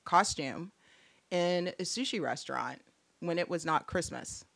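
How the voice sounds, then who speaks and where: A woman's voice: fairly low pitch, lively intonation, measured pace, gravelly, fairly bright tone. A woman chatting as a podcast guest, rambling and giggly, often laughing and joking. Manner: giggly, rambling, jokes freely. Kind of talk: casual chat.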